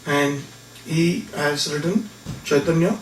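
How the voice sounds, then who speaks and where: A man with a high voice tells a story during a lecture and brings it to life. He sounds echoey and distant, as if picked up from across a reverberant room. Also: takes it slowly, slight background noise. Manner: animated storyteller who acts out characters. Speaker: speaker.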